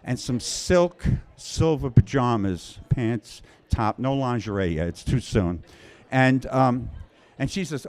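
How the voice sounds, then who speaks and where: A man's voice: mid-range voice, lively intonation, moderate pace, hardly any pauses, darkish tone. Wry New storyteller man. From Queens, New York. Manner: wry, conversational, self-mocking humor. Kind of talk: live personal storytelling.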